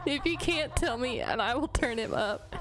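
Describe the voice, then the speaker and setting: A woman's voice: high-pitched, lively intonation, moderate pace. A woman streaming a game, chatting casually and playfully teasing, laughing often, with game music behind her. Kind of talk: casual live-stream chat.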